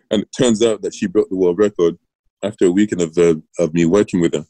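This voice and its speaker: Deep-voiced man telling coaching stories. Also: steady tone, fast talker, mellow, no room sound, low-quality recording. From Britain. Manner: rambling anecdotes with restarts and laughs. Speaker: guest, former Olympian and coach. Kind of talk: casual storytelling interview.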